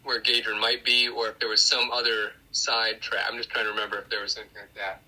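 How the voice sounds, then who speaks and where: Husky bright guy at the game table, thinking out loud, keeps trailing off. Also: lowish voice, level tone, fast talker, poor audio. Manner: thinks aloud, hesitant, many restarts. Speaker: player. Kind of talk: casual chat at a game table.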